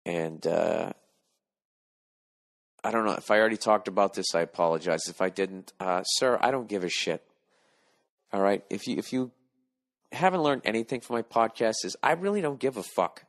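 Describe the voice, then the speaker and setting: A man's voice: fairly low pitch, normal speed, pauses often. A man in his forties hosting a solo podcast from home, rambling and ranting in a profane, sardonic way. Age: 40s. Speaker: podcast host. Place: lying down at home.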